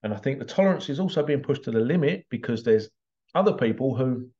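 A man's voice: medium pitch, lively intonation, fast, warm tone, lo-fi sound. Rambling English man, podcast monologue. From England. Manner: rambling, digressive, chuckling. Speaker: podcast host. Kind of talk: casual solo monologue.

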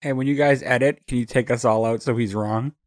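Deadpan teasing man, dry close sound. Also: medium pitch, fairly quick, no room sound. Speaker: podcast co-host. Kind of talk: casual chat.

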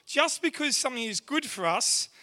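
Aussie guy, really high and bright voice, jokey church talk with the crowd. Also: animated, normal speed. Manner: playful, jokey, quizzing the crowd. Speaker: church speaker. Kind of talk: lively talk with a church audience.

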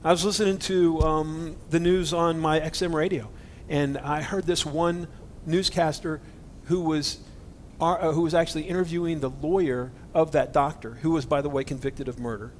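A man with a high-pitched voice delivers a conversational sermon, earnest and indignant, as if speaking to each listener. A faint noise sits under his voice. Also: steady tone, normal speed. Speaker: pastor.

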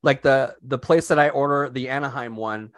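A man's voice: medium pitch, moderate pace, no room sound. A man co-hosting a podcast in casual chat, rambling with many restarts and swearing freely. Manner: rambling, profane, lots of restarts. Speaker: podcast co-host.

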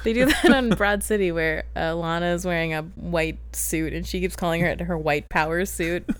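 Low-voiced woman recapping a movie. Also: moderate pace, clear, resonant tone. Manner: laughing, playful recap storytelling. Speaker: podcast co-host recapping a movie. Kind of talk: casual chat.

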